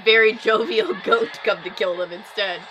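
A woman hosting a casual movie watch-along at home, chatting in rambling asides with quick laughs. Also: mid-range voice, steady tone, loud music behind the voice. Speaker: host. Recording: background noise under the talk.

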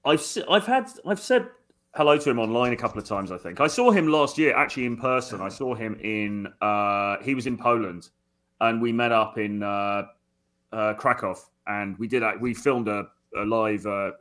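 A man's voice: lowish voice, moderate pace, a bit bright. A man as a podcast guest, easygoing and agreeable, often stumbling and restarting his sentences. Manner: easygoing, frequent agreeing murmurs, hesitant restarts. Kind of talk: casual conversation.

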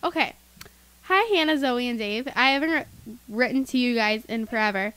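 A woman's voice: a little high, normal speed, a bit bright, smooth, no room sound, poor audio. A teenage girl co-hosting a kids' tech podcast, chatty and giggly, reading listener emails aloud with her own asides. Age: teens. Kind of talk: casual podcast chat.

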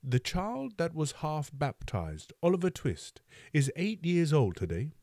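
Man doing a pompous beadle, oratorical, stern, dark mellow tone, lively delivery. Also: on the high side, a little slow, no echo, clean studio sound, pitched above the performer's own voice, heavily acted. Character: pompous self-important parish beadle man.

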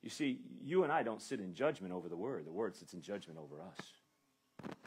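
A man's voice: low voice, big pitch swings, moderate pace, slightly rough. A male pastor preaching an expository sermon with emphatic delivery, acting out the lines he quotes. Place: church.

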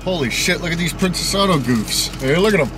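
A man's voice: fairly high pitch, animated, a little fast. Swearing guy driving, road noise. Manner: swears constantly, slangy and joking. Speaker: vlogger. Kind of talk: casual driving vlog. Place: inside a moving car.

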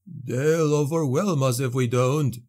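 A man voicing a dour, gloomy soldier who speaks slowly and mournfully. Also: medium pitch, darkish tone, close to an everyday voice. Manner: slow, mournful and doom-laden.

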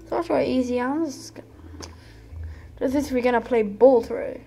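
High-voiced woman doing playful game commentary. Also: normal speed, gravelly, warm tone, a little hiss or hum. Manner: playful, dramatic outbursts at the game. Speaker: gaming channel host. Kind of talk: casual gameplay commentary.

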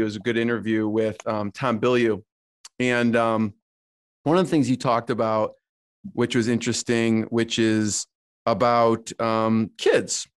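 A man's voice: mid-range voice, clean tone. A man hosting an interview, asking questions hesitantly with many fillers. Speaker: interview host.

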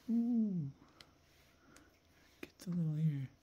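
A cat owner filming and talking to their pets in a cooing, affectionate voice with soft laughs. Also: mid-range voice, husky, dull audio. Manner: cooing, affectionate pet talk.

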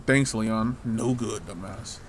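A man's voice: fairly low pitch, steady tone, slow, a little hiss or hum. A man giving loose, casual commentary while playing a game, talking to himself and teasing the hero, with frequent swearing. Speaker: gameplay streamer.

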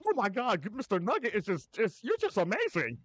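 A man putting on a high, squeaky mock-British voice as a pompous male streaming etiquette gentleman, giggly and flustered while commenting on his game. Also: huge pitch swings, fairly quick, slight background noise, full character voice. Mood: playful. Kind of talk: live gameplay commentary in character.

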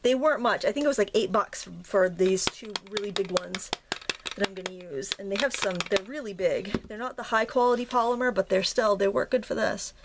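Chatting casually through a craft tutorial, a woman rambles with fillers and self-corrections, slightly out of breath from pressing stamps. She speaks a little fast in a mid-range voice, with background noise present.

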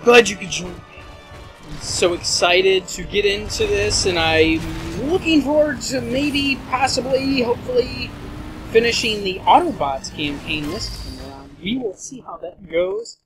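A man with a high-pitched voice narrates his gameplay in a rambling, profane stream and is quick to get frustrated. He curses at enemies and grumbles about the game as he plays. Clear game music runs under his voice. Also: fairly bright tone. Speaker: gameplay commentator. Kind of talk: let's play commentary.

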